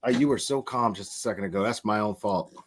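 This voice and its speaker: A man's voice: lowish voice, quick pace, background noise. A man hosting a livestream in casual chat, rambling and chatty, often restarting his sentences. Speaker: livestream host.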